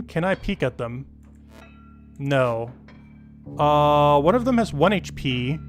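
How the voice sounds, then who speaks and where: Man, gaming streamer, casual commentary, thinking aloud, slightly high voice, faint background music. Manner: thinks aloud, reads game text slowly with fillers.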